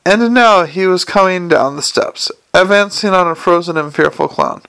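A man narrating a novel aloud in a wry, measured reading with occasional slips. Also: high-pitched, vocal fry, sharp tone, clean tone, low-quality recording. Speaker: audiobook narrator.

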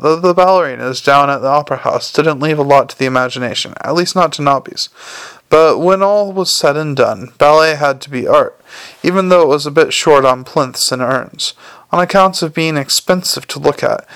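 A man's voice: on the high side, a bit bright, smooth, no room sound. A man narrating an audiobook in a dry, wry storytelling manner. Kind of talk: scripted narration.

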